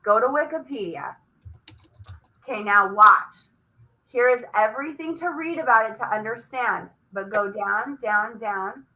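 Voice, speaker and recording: Woman, teacher, bright and forceful tone, upbeat classroom demo, coaxing. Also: a little high, unhurried, rough recording. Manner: lively, coaxing, talks while clicking through a screen. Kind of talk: classroom demonstration over a video call.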